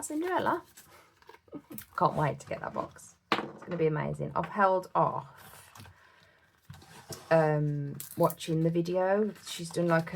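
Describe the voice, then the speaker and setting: A woman's voice: lowish voice, vocal fry, a little hiss or hum. A woman with a British accent chatting casually as a budgeting vlogger, giggling often and counting numbers aloud to herself. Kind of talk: casual chat while cash stuffing.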